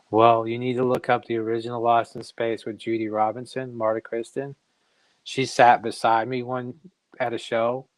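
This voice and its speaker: Animated storytelling man, dry sound. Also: medium pitch, no room sound. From Massachusetts. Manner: animated storyteller who acts out quoted dialogue. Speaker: guest comic artist. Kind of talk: casual interview storytelling.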